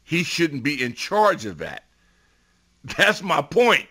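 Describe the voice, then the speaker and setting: A middle-aged man giving football analysis as a radio guest, emphatic and building to loud bursts on his points. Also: fairly high pitch, wildly swooping pitch, slow, slightly rough. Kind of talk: sports radio talk.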